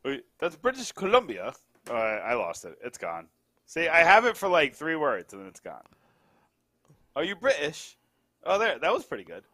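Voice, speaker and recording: A man's voice: medium pitch, a little fast, no room sound. A man who edits a sports site, chatting casually as a guest on a podcast, joking and drifting into asides. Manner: animated, jokey, trails off into asides.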